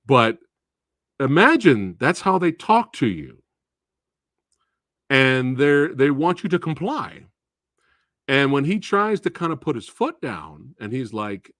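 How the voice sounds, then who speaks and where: A man hosting a live stream, talking about a film in an animated, profane way with frequent laughs. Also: mid-range voice, takes it slowly, pauses often, dry recording, clean studio sound. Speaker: movie reviewer and host. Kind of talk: casual live-stream movie talk.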